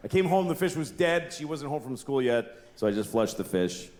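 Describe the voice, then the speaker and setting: A man's voice: mid-range voice, animated, normal speed, darkish tone. A middle-aged man doing a stand-up comedy routine, exasperated, jumping into wild voices as he tells it. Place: comedy stage in a large venue with audience. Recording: echoey live venue with ambient noise.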